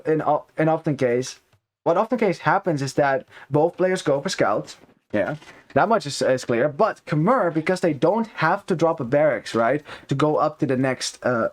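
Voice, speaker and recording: A man casting a strategy game match live, talking in a chatty, upbeat way with many fillers and quick self-corrections. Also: on the high side, darkish tone. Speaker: esports caster.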